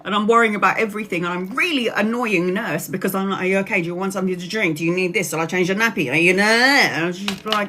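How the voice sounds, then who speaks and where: Bright-voiced chatty woman livestreamer. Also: mid-range voice, quick pace, few pauses, slight background noise. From Brazil. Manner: chatty, laughs often, acts out quoted voices. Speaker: tarot reader livestreamer. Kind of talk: casual personal storytelling.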